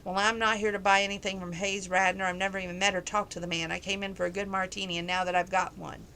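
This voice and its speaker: A woman reading the part of a poised, flirtatious female stranger who talks smoothly and coyly. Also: medium pitch, little pitch movement, quick pace, sharp tone, a little hiss or hum.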